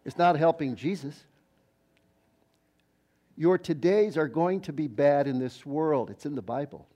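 A man's voice: fairly high pitch, expressive, a little slow, warm tone. An older retired man preaching a sermon in a conversational, storytelling way. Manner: conversational storytelling preacher, quoting others in voices. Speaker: pastor.

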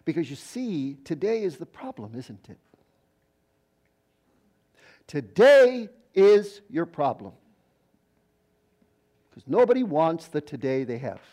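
Retired male pastor, folksy storytelling sermon, warm and a touch high-pitched. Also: sing-song, moderate pace, few pauses, slightly rough. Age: older. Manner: conversational storytelling preacher, quoting others in voices.

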